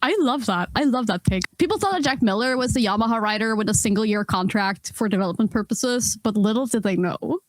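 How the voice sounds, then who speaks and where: A woman co-hosting a podcast, quick to laugh but earnest when she explains her view. Her voice sits somewhat high. The recording is close and dry. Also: animated, no echo. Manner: giggly, then thoughtful and opinionated. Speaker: podcast co-host. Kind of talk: casual podcast chat.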